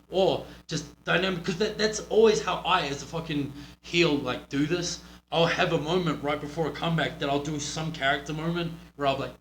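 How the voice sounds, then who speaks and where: Blunt, cursing New Zealand wrestler. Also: male voice, on the high side, brisk, sharp tone. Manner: profane, blunt, coaching tone. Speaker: pro wrestler reviewing a match. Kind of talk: casual match critique. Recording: roomy echo with faint hum.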